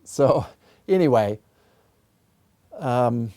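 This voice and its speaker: A man's voice: medium pitch, lively intonation, drawn-out words, dark tone, no echo. A man, a composer and music theorist, thoughtfully explaining ideas about sound in an interview in his office. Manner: thoughtful, musing, explains with sung sound examples.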